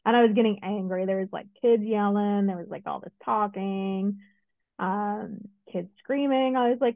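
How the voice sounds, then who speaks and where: A middle-aged woman co-hosting a podcast, telling a personal story in a casual, lively way with many asides. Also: mid-range voice, normal speed, creaky, dry recording. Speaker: podcast co-host. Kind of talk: casual chat. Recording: dry, phone-like narrow sound.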